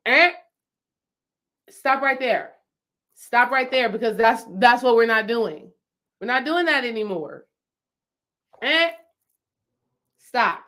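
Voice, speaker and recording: A woman with a slightly high voice coaches her viewers on spiritual matters in a loose, conversational way. She leans on repetition to drive points home and keeps checking in with her audience. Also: animated, takes it slowly, pauses often, bright, forceful tone. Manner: emphatic, repeats phrases for stress; chatty, asks the audience questions. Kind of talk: casual spiritual teaching to viewers.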